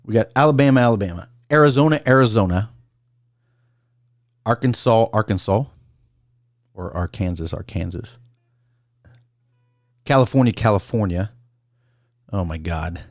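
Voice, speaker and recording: A man with a low voice hosts a casual call-in livestream. He rambles and reads a list aloud, stopping to greet viewers by name. The sound is dry and close. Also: normal speed, long pauses, darkish tone, no room sound. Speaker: call-in show host.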